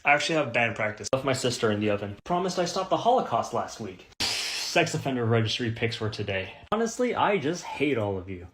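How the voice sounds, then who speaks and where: Man, deadpan skit, noisy background. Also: mid-range voice, a little fast.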